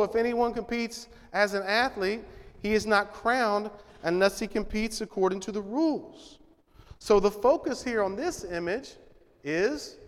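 A man with a high-pitched voice preaches in a conversational, emphatic way, firing rhetorical questions at the room. His voice rings out with a long reverb from the church sanctuary around him. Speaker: pastor. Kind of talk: sermon. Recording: reverberant hall.

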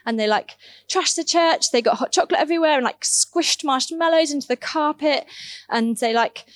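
A woman who works in youth ministry gives a church talk, sharing personal stories in a casual, earnest way and laughing at them now and then. Her voice is high, her speed normal, and there's no echo; she uses a lot of fillers, especially "like."

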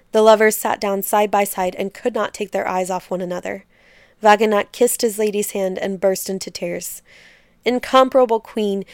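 A woman reads a folk tale aloud as a storyteller, with expressive, measured narration. Her voice is smooth and clear, set at a middle pitch for a woman. She is recorded on a close mic in a dry room. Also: dry recording.

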